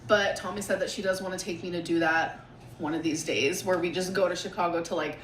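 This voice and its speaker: A woman vlogging to camera, gushing and excitable, with lots of fillers. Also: on the low side, a little fast. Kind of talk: casual vlog talk to camera. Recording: echoey room with faint background hiss.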